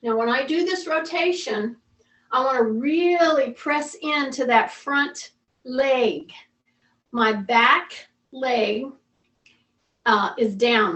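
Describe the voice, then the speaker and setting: A female fitness instructor with a high, slightly bright voice leads a live mobility class, offering patient coaching cues again and again. She sounds far away in an echoey room.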